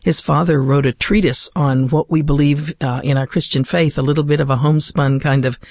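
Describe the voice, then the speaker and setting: A man's voice: a little high, steady tone, fairly quick, darkish tone, no room sound, studio quality. An American man speaking thoughtfully with frequent fillers, explaining a poem and then reciting it. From United States. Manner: thoughtful, hesitant with many fillers. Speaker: literature guest.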